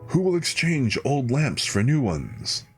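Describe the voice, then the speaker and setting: A man's voice: rumbling low, a little fast, fairly bright tone, slightly rough, soft background music, heavily acted. A man voicing a scheming old male sorcerer who gloats and cries out his wares. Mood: calling out.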